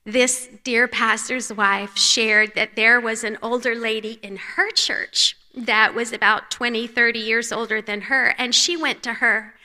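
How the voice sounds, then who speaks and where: A woman in her forties with a North Carolina accent, giving an earnest and gentle devotional talk as a women's conference speaker. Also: fairly high pitch, fairly even intonation, measured pace, hardly any pauses. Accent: North Carolina Southern US. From North Carolina, USA. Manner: earnest and gentle, often dropping soft. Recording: reverberant church hall.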